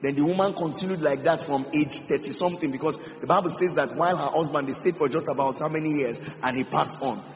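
A man's voice: fairly high pitch, quick pace, hardly any pauses. A man preaching a sermon as pastor, emphatic, repeating phrases and singing some lines out. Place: church hall. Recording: reverberant hall with music behind.

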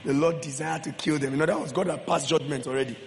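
A man preaches with emphatic repetition, pressing his listeners with questions. His voice sits a touch high for a man. Long reverb from the hall trails his words, over a faint wash of room noise. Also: steady tone, fast, vocal fry. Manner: emphatic, repeats phrases, questions the congregation. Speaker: pastor. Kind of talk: sermon.

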